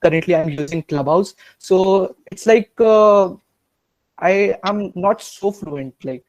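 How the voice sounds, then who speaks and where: A man's voice: high voice, slow pace, low-quality recording. A man from the audience asking a question hesitantly, with many fillers.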